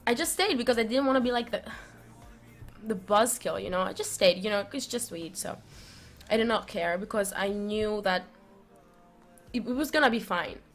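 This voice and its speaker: A young woman vlogging, telling a story in a rambling, animated way full of fillers and restarts. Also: mid-range voice, moderate pace, pauses often, soft background music. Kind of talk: casual storytelling.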